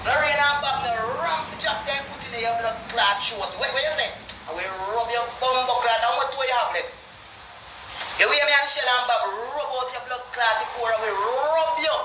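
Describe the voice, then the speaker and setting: Cursing Jamaican woman on a distant, echoey stream. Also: a little high. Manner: cursing, repetitive, heated. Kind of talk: angry insulting rant. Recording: distant echoey noisy live-stream audio.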